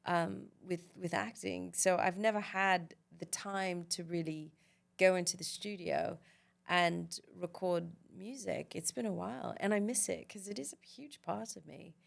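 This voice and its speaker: A woman's voice: fairly low pitch, unhurried, creaky. A woman actress chatting as an interview guest, enthusiastic and talkative, with laughs and filler words. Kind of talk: casual interview chat.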